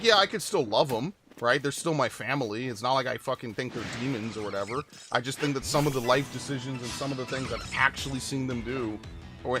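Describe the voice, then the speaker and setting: A man in his forties from New York, a gaming channel host giving a blunt, profane, restart-filled rant during casual gameplay. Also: medium pitch. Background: game music.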